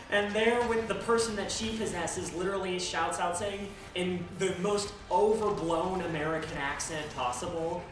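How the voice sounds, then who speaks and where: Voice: medium pitch, unhurried. A streamer chatting casually while playing a game, rambling with restarts and laughter. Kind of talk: casual chat while gaming. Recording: very echoey, distant, background noise.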